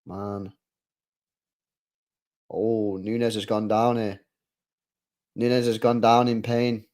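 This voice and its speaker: A young man live-streaming a football watchalong, excitable and loudly groaning at what he sees. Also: fairly low pitch, drawn-out words. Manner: excitable, shouting groans of disgust.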